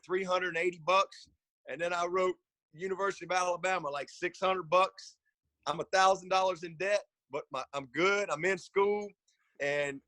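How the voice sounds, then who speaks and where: A middle-aged man, a football coach guest telling stories in a casual podcast chat, animated and lively. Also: no room sound. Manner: animated storyteller, voices his own shouts high and loud.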